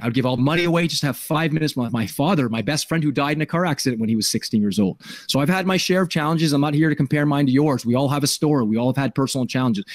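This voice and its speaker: A man's voice: mid-range voice, no room sound. A middle-aged man hosting a podcast as a life coach, telling a personal story in an earnest way and often repeating words as he starts a thought.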